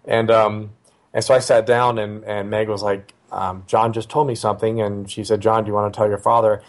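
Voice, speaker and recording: Low-voiced father telling a family story. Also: little pitch movement, a little fast. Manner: conversational, hesitant with fillers and restarts. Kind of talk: casual personal storytelling.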